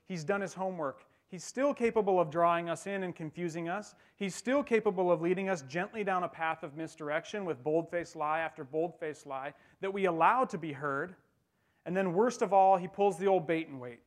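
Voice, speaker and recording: A man's voice: high voice, brisk. Man preaching a casual, wry sermon. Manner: conversational, wry humor while preaching. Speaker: pastor.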